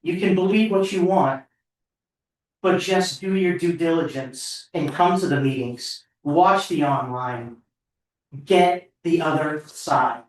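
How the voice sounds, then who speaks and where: A board member speaks at a town meeting, earnest, heartfelt and audibly emotional, in a middle pitch. The voice is heard from a distance in a very echoey meeting room. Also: takes it slowly. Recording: echoey hall, far from the mic.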